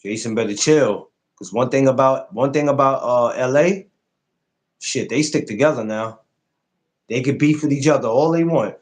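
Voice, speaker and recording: At a normal speed, a man chats animatedly and informally while hosting a live podcast stream. He curses without restraint and pushes his voice high when poking fun at something.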